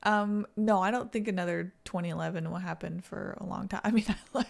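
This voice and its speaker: Woman stream host, chatty and casual, slightly gravelly voice. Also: mid-range voice, steady tone, fairly quick. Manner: chatty, talks to chat, laughs often. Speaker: livestream host. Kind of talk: casual chat reacting to a video.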